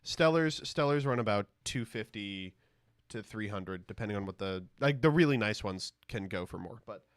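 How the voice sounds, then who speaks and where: A man's voice: on the low side, animated, moderate pace, dry recording. A man live-streaming as he opens trading cards, rambling and joking crudely with his chat.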